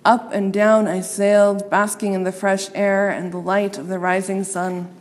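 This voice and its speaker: A woman reading a children's story aloud, expressive and playing up the sound words. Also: medium pitch, normal speed, long reverb tail, slight background noise.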